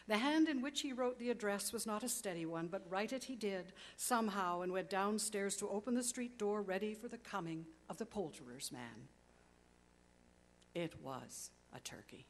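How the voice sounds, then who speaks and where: Expressive woman reading a storybook aloud. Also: medium pitch. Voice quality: expressive, dramatic pacing that slows on key words. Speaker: narrator.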